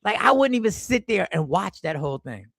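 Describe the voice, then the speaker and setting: A man hosting a casual livestream from an airport, greeting the chat by name and reacting to their comments in a lively, slangy way. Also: sits high, brisk, vocal fry, dry recording, studio quality. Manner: animated, slangy, reacts to chat with sudden exclamations. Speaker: livestream host.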